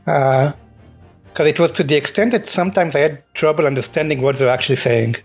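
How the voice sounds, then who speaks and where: A man's voice: on the high side, fairly quick, husky, faint music behind. A man co-hosting a podcast in casual chat, explaining things with hesitant fillers. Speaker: podcast co-host.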